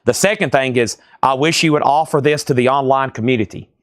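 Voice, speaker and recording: A man hosting a live record auction from a store, reading titles off fast and tossing in sarcastic asides. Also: mid-range voice, no room sound, clean studio sound. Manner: rapid-fire listing, joking and sarcastic asides. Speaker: live sale host.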